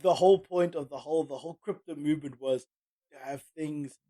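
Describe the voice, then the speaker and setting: A high-voiced man co-hosting a casual podcast, giving his opinions with a lot of energy. He tends to stumble and repeat words when he gets worked up. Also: a little fast, dark tone. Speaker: podcast co-host.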